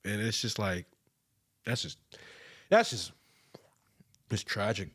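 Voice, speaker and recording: A man's voice: takes it slowly, fairly bright tone, breathy edge. A man co-hosting a podcast in casual chat, laughing often and slipping into imitations. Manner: laughs often, mimics people in high voices. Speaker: podcast co-host.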